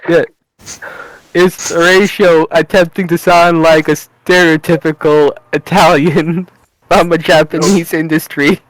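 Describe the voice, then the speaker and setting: A man's voice: fairly high pitch, little pitch movement, measured pace, dry recording, low-quality recording. A man playing a tabletop role-playing game, switching between his own voice and his character in a playful, laughing, theatrical way. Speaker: tabletop player. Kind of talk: casual in-character tabletop play.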